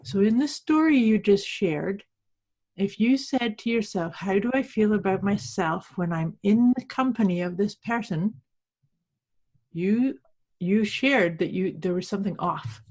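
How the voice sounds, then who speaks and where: A woman co-hosting a podcast who also works as a coach. She talks casually and explains her ideas in a calm, reflective, gentle manner. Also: medium pitch, measured pace. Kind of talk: casual conversation.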